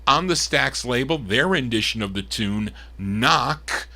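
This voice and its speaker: A man hosting a live record show, chatting between songs and pausing on fillers as he gives details. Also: medium pitch, lively intonation, bright, forceful tone. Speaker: radio-style record show host.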